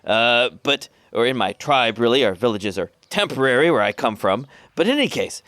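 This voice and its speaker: A well-spoken female orc tribal herder, voiced by a man, formal and a little long-winded, pausing often as she searches for words. The pitch rises and falls with lively movement. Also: dry recording, clean studio sound, natural voice. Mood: polite, rambling. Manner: formal, rambling, hesitant with frequent "uh" pauses.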